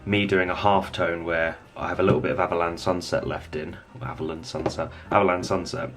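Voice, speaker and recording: A man giving a relaxed, rambling hobby painting tutorial, thinking aloud as he works. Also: sits low, a little fast, over music.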